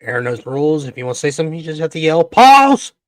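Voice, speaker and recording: Profane, ranting podcast host. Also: male voice, on the high side, steady tone, very fast, a little mellow, no room sound. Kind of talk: casual chat.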